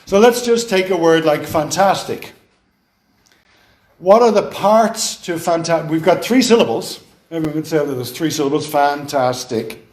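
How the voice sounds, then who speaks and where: Irish male lecturer, slightly high voice, rhetorical and playful, echoey hall. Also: expressive, normal speed, a little mellow. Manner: explanatory, asks rhetorical questions, playful. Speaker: university lecturer. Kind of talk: classroom lecture.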